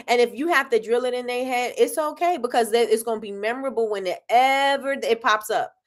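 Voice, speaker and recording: A woman with a slightly high voice hosts a casual live stream for business owners. She talks with energy, repeating lines for emphasis and cheering on her viewers. She breaks into laughs often and keeps a preachy, encouraging flow. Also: fast, hardly any pauses. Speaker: live show host, soap business owner.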